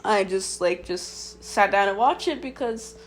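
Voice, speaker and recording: A man co-hosting a casual podcast, halting and stumbling over restarts, often laughing through his words. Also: high voice, fairly bright tone, slight background noise. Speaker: podcast co-host.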